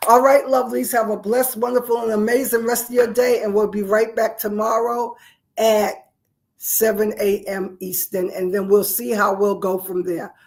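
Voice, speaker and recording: A woman's voice: medium pitch, little pitch movement, normal speed, darkish tone. A woman minister hosting a spiritual show, leading listeners through repeated affirmations and coaxing them to respond. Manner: repetitive chanted affirmations; coaxing call-and-response to viewers.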